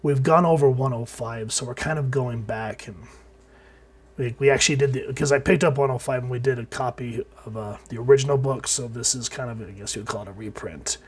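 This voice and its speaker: A man reviewing an old comic book in casual chat, sounding sick and hoarse, with frequent fillers and restarts. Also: medium pitch, brisk.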